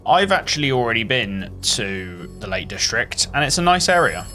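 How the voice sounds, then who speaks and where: A British man talks over his game footage in an upbeat, joking way, full of exclamations. His voice is bright and forward, and it swings up and down with lively energy. Faint music plays quietly under his narration. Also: mid-range voice, moderate pace. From United Kingdom. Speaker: gaming YouTuber. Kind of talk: game playthrough commentary.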